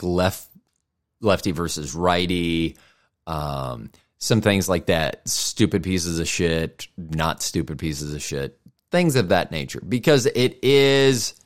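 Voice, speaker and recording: A middle-aged American man talks alone into his podcast mic in a very deep, low voice. He rambles casually, thinks out loud and makes fun of himself along the way. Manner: rambling, self-deprecating, thinks aloud. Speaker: podcast host. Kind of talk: casual solo podcast monologue.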